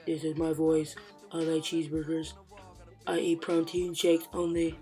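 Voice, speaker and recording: A man doing a flat, droning gym bro. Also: fairly high pitch, a little slow, faint music behind. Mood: deadpan. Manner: flat monotone drone. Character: dim, monotone gym-obsessed young man.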